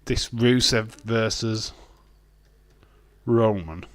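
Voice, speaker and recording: A man's voice: on the low side, very slow. A man casually commentating a wrestling watch-along, rambling, joking and reading out chat messages. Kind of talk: casual live-stream commentary.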